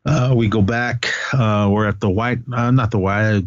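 A man's voice: on the low side, fairly even intonation, measured pace, dry recording, muffled recording. A man co-hosting a podcast, giving a rambling, casual movie recap full of restarts and offhand swearing. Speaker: podcast co-host.

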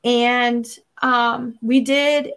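A woman's voice: on the high side, level tone, very slow, a bit bright, clear, resonant tone. An adult woman sharing a personal faith testimony in an interview, earnest and vivid, acting out her own past words as she goes. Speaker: interview guest.

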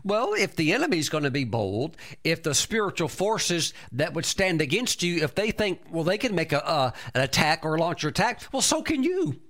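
Emphatic preacher with frequent praise exclamations. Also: male voice, fairly high pitch, big pitch swings, moderate pace, hardly any pauses, fairly bright tone. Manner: repeats words and restarts often. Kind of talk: sermon.

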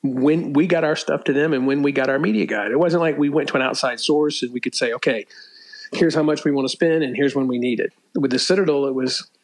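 An older man tells stories in a casual interview, restarting often, clearing his throat and laughing at his own tales. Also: medium pitch, brisk, rough recording. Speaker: former college sports media relations staffer, guest.

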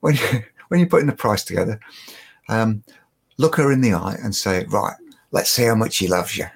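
A man's voice: lowish voice, moderate pace, gravelly, breathy edge. A man voicing a brash male kitchen salesman with a Cockney accent, giving blunt advice. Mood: cocky.

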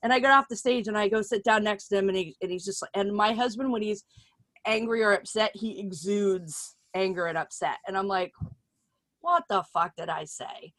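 A middle-aged woman hosting a podcast, telling stories in a casual, animated way, swearing freely and voicing the people she quotes. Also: medium pitch, a little fast, dry recording. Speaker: podcast host and comedian. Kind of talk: casual chat, storytelling.

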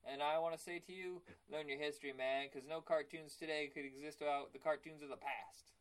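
A man's voice: a little high, steady tone, fairly quick, clean tone, rough recording. A young man hosting a podcast in casual chat, rambling and stumbling over his words. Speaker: podcast host.

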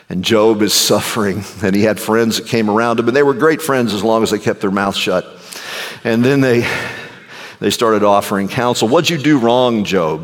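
A man preaching a sermon as a pastor, animated and storytelling, swinging from hushed and low to loud and high. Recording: long hall reverb.

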